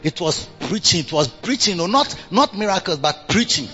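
A man's voice: sits high, big pitch swings, normal speed, few pauses, bright, forceful tone. A man, preaching a sermon with sing-song calls and exclamations. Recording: dull lo-fi recording with faint music.

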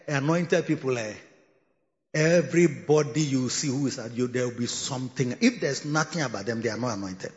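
A man with a Ghanaian accent preaching a sermon, animated, laughing and rising to shouts. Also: mid-range voice. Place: large church hall. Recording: echoey hall, dull lo-fi sound.

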